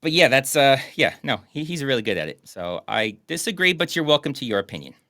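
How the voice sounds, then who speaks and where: Lively, bright-voiced man joking around. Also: mid-range voice, brisk, no room sound, studio quality. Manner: joking, animated banter. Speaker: podcast co-host. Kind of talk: casual chat.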